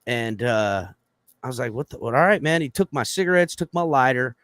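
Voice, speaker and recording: Animated, profane male storyteller. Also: medium pitch, moderate pace, clear, resonant tone, no room sound. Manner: acts out quoted lines in raised voice. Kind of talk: casual podcast chat.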